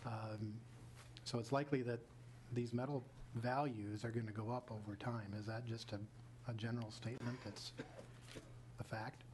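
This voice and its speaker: Male lawmaker questioning a witness, monotone, measured, faint noise behind. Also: mid-range voice, poor audio. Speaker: state legislator asking questions. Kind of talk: questioning at a committee hearing. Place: legislative committee hearing room.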